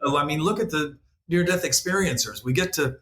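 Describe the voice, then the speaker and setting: A man talking as a podcast guest, an animated storyteller who acts out voices. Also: fairly high pitch, brisk. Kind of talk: casual conversation. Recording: echoey room, faint noise.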